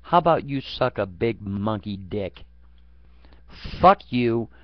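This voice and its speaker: A man's voice: on the low side, animated, unhurried. A man rants about politics in a crude, foul-mouthed way, his anger running through every line. The recording is muffled and lo-fi, with a dry sound that has no room echo. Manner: angry, crude, swearing constantly. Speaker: vlogger. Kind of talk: profane political rant.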